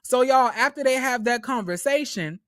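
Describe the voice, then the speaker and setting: A man recapping a reality show in a casual commentary vlog, talking to viewers as y'all in an animated, profane way. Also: very high-pitched, moderate pace, dry recording, clean studio sound.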